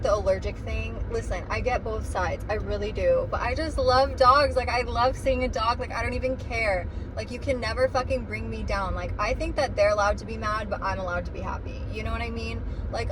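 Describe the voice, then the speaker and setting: Rambling young woman, loud road noise. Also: medium pitch, far from the mic. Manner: rambling, filler-heavy, swears freely. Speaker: vlogger. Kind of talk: casual chat. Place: in a car while driving. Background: car and traffic noise.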